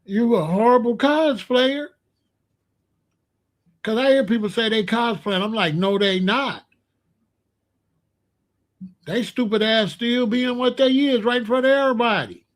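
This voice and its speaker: High-pitched man ranting on camera. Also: moderate pace. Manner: animated, with emphatic repetition and loud outbursts. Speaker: commentary vlogger. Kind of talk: casual ranting commentary.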